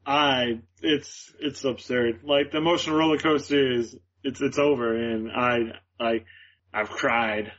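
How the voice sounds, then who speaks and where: A man's voice: medium pitch, fairly even intonation, a little slow, a bit bright. A young adult man answering interview questions casually, hesitant, with many fillers and restarts. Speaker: guest. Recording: dull lo-fi recording.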